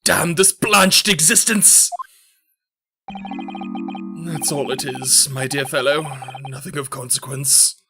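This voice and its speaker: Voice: mid-range voice, slow pace, gravelly, pauses often. A streamer voicing a dreary, lifeless male detective. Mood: dreary, gloomy. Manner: sluggish, dreary, theatrical. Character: gloomy, listless grown male detective. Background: game music.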